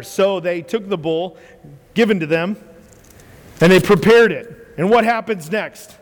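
A man preaching a sermon with animated storytelling, acting out quotes and laughing often as he goes. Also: high voice, a little slow. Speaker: pastor. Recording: reverberant hall.

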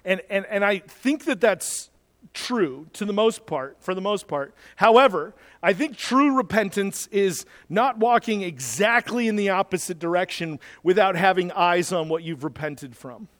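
A man's voice: high voice, animated, measured pace, fairly bright tone. A man preaching a sermon as a pastor, talking conversationally and then building to urgent exhortation, in a church. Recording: long hall reverb.

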